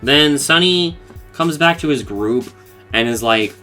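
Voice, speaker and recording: A man's voice: a little high, expressive, unhurried, pushed and bright, soft background music. A man casually recapping a cartoon episode for his podcast, talking loosely with lots of swearing and fillers. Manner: loose and profane, with frequent fillers and laughs.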